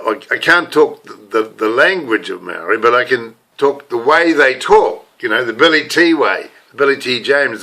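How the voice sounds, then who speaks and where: A man's voice: mid-range voice, sharp tone. An older man with a New Zealand accent, talking to camera in a rambling, casual monologue full of restarts. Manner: rambling, many restarts and fillers. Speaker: self-styled preacher and video blogger.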